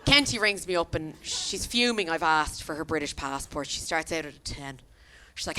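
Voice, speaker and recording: An Irish woman in her thirties performs stand-up on a comedy venue stage, telling animated stories and acting out the voices of the people in them. Her voice is low-pitched, and she speaks at normal speed with few pauses.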